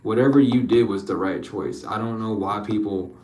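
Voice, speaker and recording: A man's voice: lowish voice, moderate pace, a little mellow, reverberant, distant mic, slight background noise, rough recording. A man giving an emotional spiritual reading, rambling, repeating his questions and swearing freely. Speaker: spiritual card reader.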